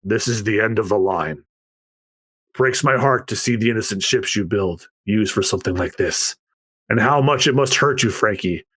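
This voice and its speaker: A man's voice: normal speed, a bit bright, slightly rough, no room sound. A man reading as a grave old fishman. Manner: low and grave. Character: old male fishman shipwright, grave and sorrowful. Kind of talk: dramatic manga read-aloud.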